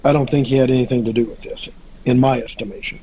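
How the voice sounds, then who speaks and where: A man's voice: mid-range voice, fairly even intonation, fast talker, lo-fi sound, a little hiss or hum. A man in a casual podcast discussion, talking hesitantly with many fillers and restarts.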